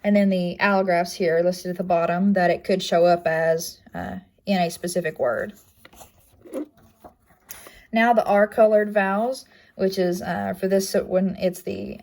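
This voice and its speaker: A woman's voice: medium pitch, gravelly, mellow. A young woman giving a class project presentation, speaking plainly with frequent ums and uhs. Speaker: student presenter.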